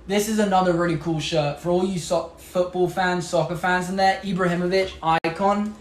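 A young man from England with a British accent hosts a casual live stream, chatting upbeat, showing off clothes and gadgets and answering viewer comments. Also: high-pitched. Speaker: livestream host. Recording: echoey room with faint background noise.

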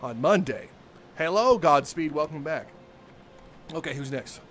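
A man live-streaming a game, joking with his chat, with bursts of laughter and loud theatrical exclamations. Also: on the high side, expressive, unhurried, faint music behind.

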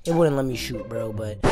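A young man doing hyped, profane gameplay commentary, roasting opponents as he plays. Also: medium pitch. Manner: hyped trash-talking, profane, playful roasting. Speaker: gaming YouTuber. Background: background music.

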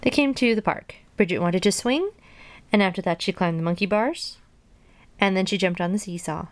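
Woman, storybook read-aloud, gentle, casual asides, middle pitch, dry close sound. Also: moderate pace, no echo. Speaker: storybook reader. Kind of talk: reading a children's book aloud.

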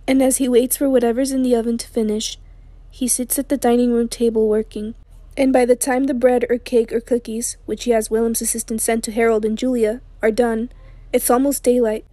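Hoarse lady reading an audiobook, flat even delivery, dry close sound. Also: on the high side, no room sound. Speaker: audiobook narrator. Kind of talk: literary audiobook narration.

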